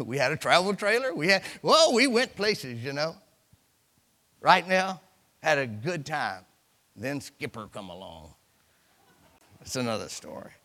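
A man's voice: high-pitched, vocal fry, pushed and bright. A middle-aged man preaching a sermon in a folksy storytelling way, acting out voices and repeating words for effect.

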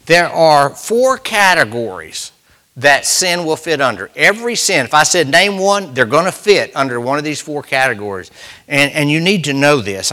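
A man delivers a sermon with a bright, forward tone, pitched a little above most men. He speaks conversationally, circling back to repeat his main phrases and stretching out the words he wants to land. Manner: conversational preaching, repeats and restarts phrases, slows for emphasis. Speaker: preacher.

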